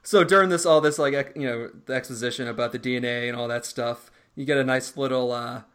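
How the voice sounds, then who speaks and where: A man co-hosting a casual podcast who recaps in a loose, rambling way, full of fillers and asides. His voice sits at an ordinary, middle pitch. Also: steady tone, fast talker, a bit bright, smooth. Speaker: podcast co-host.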